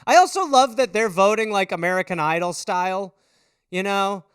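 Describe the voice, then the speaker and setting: A man in his thirties hosting an improvised stand-up show, riffing loudly on news stories, swearing freely and slipping into quick character voices. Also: high voice, smooth, no room sound, clean studio sound. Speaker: comedy podcast host.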